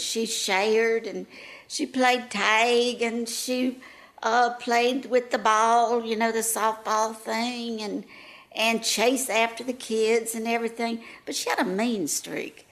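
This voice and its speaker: A woman's voice: fairly high pitch, takes it slowly, a bit bright. A woman playing an elderly retired first-grade teacher, rambling through folksy, gossipy stories. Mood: rambling reminiscing. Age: older.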